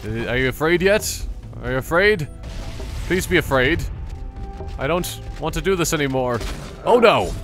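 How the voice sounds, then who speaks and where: A man's voice: fairly high pitch, lively intonation, normal speed, pauses often, fairly bright tone, faint music behind. A man giving casual, joking commentary over a video game, rambling and exclaiming often. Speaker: gaming channel host.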